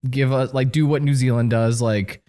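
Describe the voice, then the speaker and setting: A man's voice: medium pitch, fairly even intonation, normal speed, dark tone, clear, resonant tone. A man chatting casually on a podcast, laid-back and joking, swearing freely.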